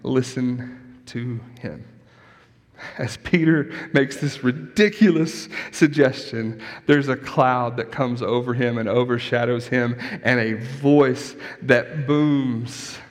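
A man's voice: medium pitch, a little slow. Man preaching in a reverberant church. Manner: conversational preaching, animated, asides like "right?". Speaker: pastor. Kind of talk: sermon.

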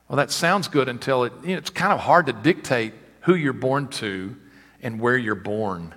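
A male pastor delivers a sermon in a low, forceful, bright-edged voice. He builds to loud, emphatic peaks and drops into hushed, wry asides. The sound carries the long reverb of a large hall. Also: expressive, moderate pace. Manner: preaching with sudden swells and quiet asides.

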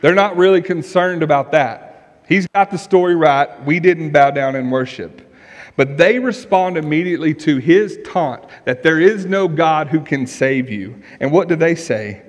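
A man's voice: a little high, a little slow. A male pastor preaching a sermon in an earnest, emphatic way, asking rhetorical questions. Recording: long reverb of a large hall.

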